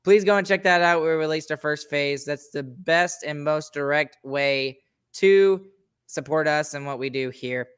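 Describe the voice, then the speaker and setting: Guy hosting a sports podcast, smooth clear voice, a bit high, chatty and upbeat. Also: a little slow, a bit bright. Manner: upbeat, chatty, pleading jokingly. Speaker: podcast host. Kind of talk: casual sports chat.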